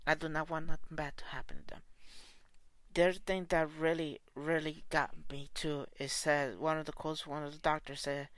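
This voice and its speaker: A man's voice: a little high, level tone, normal speed, a bit bright, dry recording. A man who coaches soccer, delivering an angry, profane and repetitive spoken rant.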